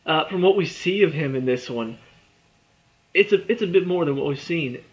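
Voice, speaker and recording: A man's voice: fairly high pitch, animated, moderate pace. A young man casually reviewing a movie trailer, rambling and chatty with lots of fillers and restarts, sounding a bit tired. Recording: dull lo-fi recording.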